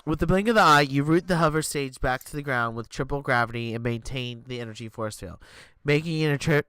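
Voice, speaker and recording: A man streaming live, reading an interactive story aloud in an animated way and tripping over words. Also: mid-range voice, fairly quick, smooth, no room sound.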